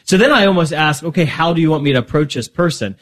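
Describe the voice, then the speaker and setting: A man with a fairly high voice, chatting casually as a guest about his faith. He rambles a bit, restarts his sentences and slips into quoted back-and-forth dialogue as he tells stories. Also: quick pace. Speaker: podcast guest.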